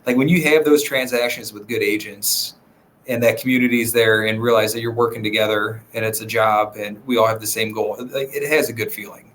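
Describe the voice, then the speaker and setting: A man's voice: fairly low pitch, brisk, a little hiss or hum. Easygoing man talking shop. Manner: relaxed, rambling, many fillers. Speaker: real estate agent, podcast guest. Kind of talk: casual podcast conversation.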